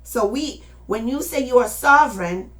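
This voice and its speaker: A woman's voice: fairly high pitch, lively intonation, moderate pace, fairly bright tone. Older woman, rambling casual monologue, insistent, addresses listeners directly. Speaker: speaker addressing followers.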